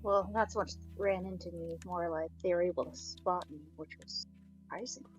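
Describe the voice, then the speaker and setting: A woman's voice: on the low side, steady tone, moderate pace, muffled recording, soft background music. A woman playing in a tabletop role-play game who talks in a hesitant way, full of "like" and restarts. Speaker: player.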